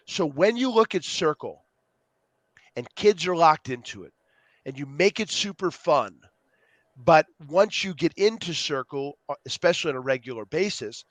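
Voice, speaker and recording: An animated man guesting on a podcast, sliding into playful voices as he acts out what people say. His voice sits a little high for a man, and the sound is close and dry, with no room around it. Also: no room sound. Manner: animated storyteller, acts out quotes. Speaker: guest, youth program co-founder. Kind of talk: podcast interview.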